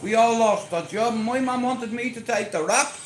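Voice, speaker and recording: A man's voice: extremely high pitch, normal speed, faint music behind. A middle-aged Irish man hosting a podcast, telling rambling anecdotes in a blunt, foul-mouthed way. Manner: blunt, swears constantly, tells rambling anecdotes. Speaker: podcast host. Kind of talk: casual storytelling chat. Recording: echoey room with background noise.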